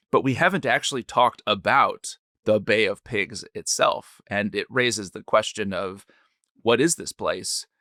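A man's voice: fairly low pitch, bright, forceful tone, dry recording, clean studio sound. A man co-hosting a podcast, playful and teasing, explaining history in casual chat. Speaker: podcast co-host.

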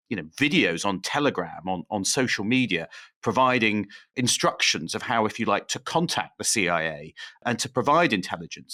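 A man's voice: fairly low pitch, bright, forceful tone. A man co-hosting a podcast, chatting with dry, wry asides. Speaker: podcast co-host. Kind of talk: conversational podcast chat.

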